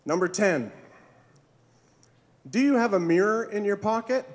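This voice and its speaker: A man's voice: high-pitched, animated, a little slow. A man doing a stand-up comedy set on a club stage, with awkward, self-deprecating jokes that he chuckles at himself.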